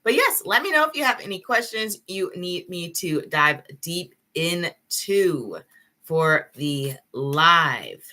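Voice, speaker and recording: Low-pitched, bright-voiced young woman chatting. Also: big pitch swings, slow pace. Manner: chatty, addresses viewers directly, laughs often. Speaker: tarot reader hosting a live stream. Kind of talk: casual live-stream chat.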